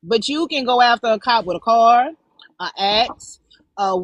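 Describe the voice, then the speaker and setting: A woman's voice: on the high side, lively intonation, unhurried, no echo, poor audio. An older woman co-hosting a live online talk show, speaking bluntly with sarcastic indignation. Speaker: co-host. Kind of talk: casual live-stream commentary.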